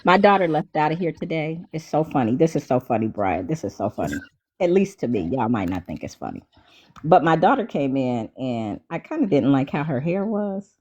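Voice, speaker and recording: A woman host in casual chat, telling stories in an animated way and talking straight to her listeners. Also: low-pitched, fairly quick. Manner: animated storyteller, addresses listeners as y'all. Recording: dull lo-fi audio.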